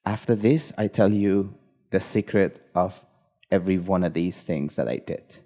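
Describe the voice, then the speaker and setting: A man doing a quiet, stern wise mystic. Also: measured pace. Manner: quiet, low, stern rebukes. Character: calm wise male mystic guide, stern and knowing.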